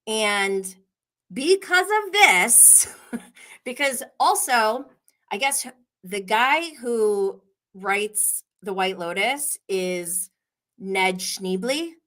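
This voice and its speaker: Slow-talking bright-voiced woman host. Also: medium pitch. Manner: chatty, laughs often, gossipy storytelling. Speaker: podcast host. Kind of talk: casual livestream chat.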